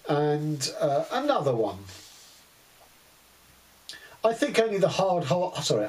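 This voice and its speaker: A man's voice: fairly high pitch, very animated, slow, pauses often, rough recording. A man giving a casual book review, wry and exasperated, with many fillers.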